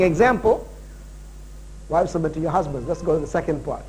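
A man preaching a sermon as pastor, animated and full of jokes and asides. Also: fairly high pitch, brisk, a little hiss or hum, rough recording.

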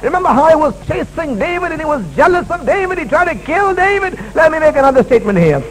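High-voiced, emphatic male preacher. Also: sing-song, fast, a bit bright, slight background noise, poor audio. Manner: emphatic and repetitive, restating key lines. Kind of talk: sermon. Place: church service.

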